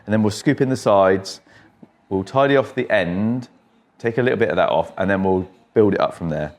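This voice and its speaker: A man's voice: on the low side, brisk. An English man working as a barber, chatting and telling jokey stories to his client while cutting hair in a barbershop. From England. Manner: chatty, joking storyteller.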